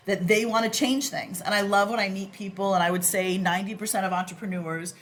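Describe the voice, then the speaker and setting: A woman's voice: mid-range voice, fairly even intonation, brisk, fairly bright tone. A woman with a Boston accent, a guest in a casual podcast interview, talking enthusiastically with many fillers and restarts.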